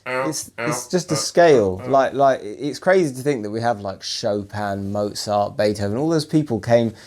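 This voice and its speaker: A man's voice: medium pitch, normal speed, crowd noise. Theatrical rambling London man. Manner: theatrical, rambling and jokey with grand flourishes. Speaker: co-host. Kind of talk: playful casual chat.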